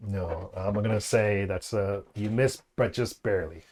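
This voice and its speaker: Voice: sits low, unhurried, crowd noise. A game master running a tabletop game, often stopping and restarting his sentences mid-thought.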